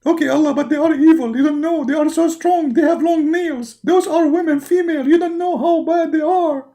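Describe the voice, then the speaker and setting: A man voicing a panicky, whiny male prophet figure who pleads quickly and nervously. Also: fairly even intonation, dark tone. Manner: fast, pleading, high-strung.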